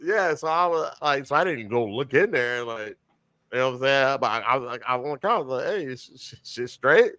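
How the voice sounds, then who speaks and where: A man co-hosting a podcast in casual chat, rambling and animated, with many restarts and slang. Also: medium pitch, fairly quick, smooth, no room sound. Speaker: podcast co-host.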